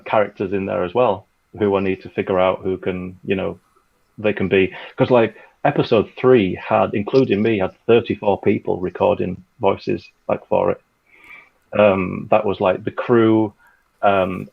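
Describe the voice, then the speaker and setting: Gravelly man, rambling storyteller. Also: lowish voice, highs cut off. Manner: rambling, filler-heavy, animated storytelling. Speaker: guest, audio drama creator. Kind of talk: casual chat over a call.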